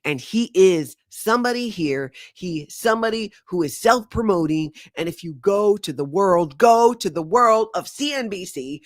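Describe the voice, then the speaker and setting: A woman's voice: mid-range voice, fairly bright tone, no echo, pitched above the performer's own voice. A woman putting on the voice of a combative man who challenges and taunts his rival, in a dry close recording.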